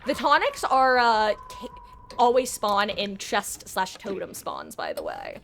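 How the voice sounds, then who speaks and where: Woman live streamer, mid pitch, rambling and self-deprecating, casual play-by-play chat. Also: wildly swooping pitch, unhurried, a bit bright, a little hiss or hum. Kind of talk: casual gameplay commentary.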